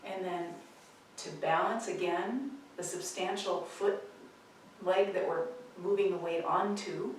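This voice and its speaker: A woman leading a tai chi practice, cueing movements calmly and gently with pauses between steps. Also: lowish voice, distant mic, a little hiss or hum. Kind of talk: guided movement instruction. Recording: echoey room, voice from off-mic.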